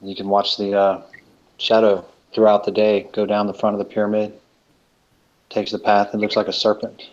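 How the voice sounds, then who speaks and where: A man with a low, flat voice talks casually and loosely, stopping often to hunt for words. The sound is dull and lo-fi, like stream audio. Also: normal speed. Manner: rambling, hesitant, with many fillers. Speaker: co-host of a live stream. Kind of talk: casual live-stream chat.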